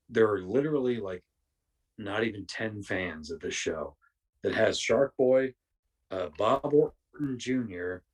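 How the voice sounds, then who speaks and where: Husky low-voiced man telling stories. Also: darkish tone, distant mic. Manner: rambling, profane anecdotes with many restarts. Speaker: podcast guest. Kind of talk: casual storytelling.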